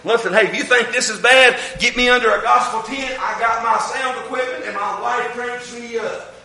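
A man with an Appalachian accent preaching a loud, fervent sermon in a large church hall, breaking in with amens. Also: very high-pitched, steady tone, normal speed. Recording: echoey hall, mic from a distance.

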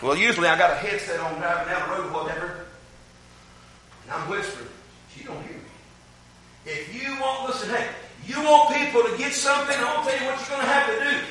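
A man's voice: high voice, fairly even intonation, fairly quick, a little hiss or hum. Fervent Appalachian preacher man, echoey hall. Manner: fervent, loud, shouting with frequent amens. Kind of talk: sermon. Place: large church hall. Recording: echoey hall, mic from a distance.

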